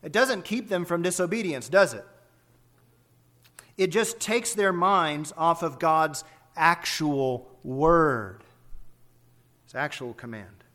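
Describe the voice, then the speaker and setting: A man's voice: fairly high pitch, slow pace, long pauses, fairly bright tone. A man preaching an expository sermon, emphatic and full of rhetorical questions.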